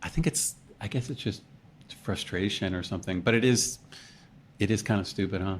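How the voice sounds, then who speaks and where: A man's voice: on the low side, a little fast. A man co-hosting a casual podcast, rambling and self-deprecating with lots of fillers. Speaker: podcast co-host. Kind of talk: casual chat.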